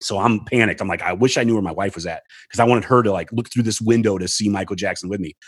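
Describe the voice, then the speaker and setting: This storyteller guest speaks quickly, with a breathy edge, recorded in studio quality with no room sound. His long anecdote in casual chat is animated: he swears freely and acts out what people said with dramatic pitch jumps.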